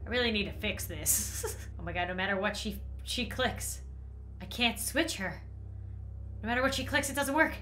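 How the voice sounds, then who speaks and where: A woman commenting excitedly on a game as a vlogger, gasping and laughing as it gets scary. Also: medium pitch, normal speed, slight background noise. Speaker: gaming vlogger.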